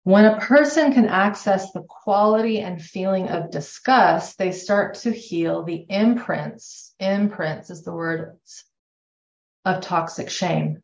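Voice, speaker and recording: A woman's voice: medium pitch, takes it slowly. A woman teaching a class on somatic therapy in a conversational way, correcting herself as she goes. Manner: conversational, self-correcting, acts out quoted remarks. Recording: echoey room, dull lo-fi sound.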